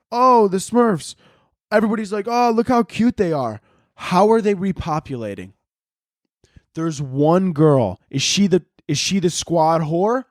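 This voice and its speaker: A young man from the Chicago area rambles through a casual solo podcast, crude and joking, full of fillers and asides. His voice sits a little high. The sound is dry and close to the mic. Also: no room sound. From Chicago area, United States. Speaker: podcast host.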